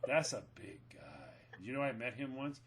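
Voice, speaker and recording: A man's voice: mid-range voice, sing-song, normal speed, fairly bright tone. A middle-aged man co-hosting a casual chat, telling stories with a joking manner and frequent laughter. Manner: joking storyteller, laughs often. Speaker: podcast co-host.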